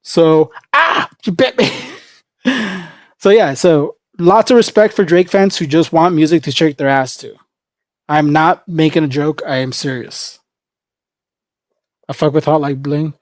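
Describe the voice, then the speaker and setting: A woman's voice: deep voice, a little slow, pauses often, no room sound, studio quality. A woman livestreaming in casual chat, rambling and opinionated, with lots of fillers.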